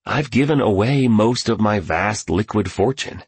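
A man voicing an exuberant, eccentric male billionaire mentor who gushes loudly. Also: on the low side, measured pace, slightly rough, dry recording. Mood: earnest. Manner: loud, gushing.

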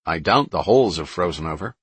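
A man's voice: low voice, animated, fast talker, fairly bright tone, slightly rough, dry recording, full character voice. A man reading a blunt, practical young man with a wry manner, in an audiobook.

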